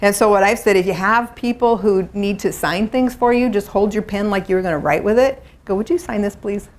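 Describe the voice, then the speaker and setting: A woman's voice: medium pitch, a little fast. Woman, middle-aged, workshop presenter, conversational, acts out quotes. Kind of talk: live seminar talk to a room.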